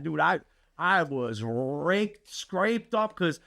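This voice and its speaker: A man's voice: fairly high pitch, sing-song, measured pace, creaky, a bit bright, dry recording. A man co-hosting a podcast, telling a story in casual chat, acting out the people in it and swearing freely. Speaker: podcast co-host.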